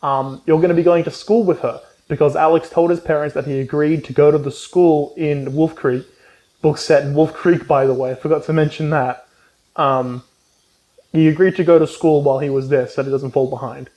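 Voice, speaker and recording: A man's voice: a little high, fairly even intonation, moderate pace, darkish tone, poor audio. A man recapping a book casually, rambling with lots of ums and swearing, and acting out the characters' lines. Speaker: book reviewer.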